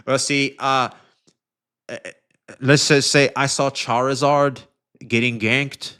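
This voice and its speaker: A man streaming casual commentary on online drama, rambling and swearing with many fillers, his voice often trailing off quieter. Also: mid-range voice, flat delivery, slow, smooth.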